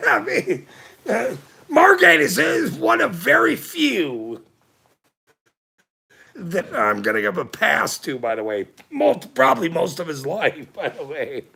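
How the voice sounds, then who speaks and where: A man's voice: sits high, wildly swooping pitch, slow, creaky, bright, forceful tone, breathy edge. A middle-aged man hosting a livestream, ranting at his chat in a profane, combative way with frequent laughs. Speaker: livestream host.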